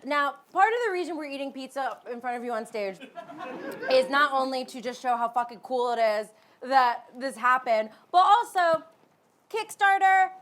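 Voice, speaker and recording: A woman hosting a live comedy show on stage, excited and gushing, swearing freely and laughing often. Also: high voice. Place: theater stage before a live audience. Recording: live theater with crowd and noise. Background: audience reactions.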